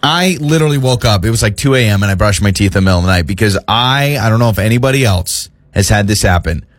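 A male radio co-host in casual banter, retelling a story with animated, exaggerated swings of pitch. His voice is a bit husky and dry. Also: fast, dry recording.

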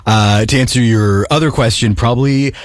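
A man's voice: mid-range voice, steady tone, moderate pace, no echo. A man co-hosting a radio show, talking in a laid-back, wry way into a studio mic. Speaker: radio co-host. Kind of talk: casual radio banter.

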